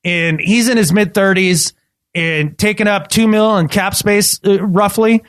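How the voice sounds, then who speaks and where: High-voiced, animated podcast man. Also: unhurried, no echo, studio quality. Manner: animated, emphatic, repeats words when excited. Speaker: podcast co-host. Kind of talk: casual sports podcast chat.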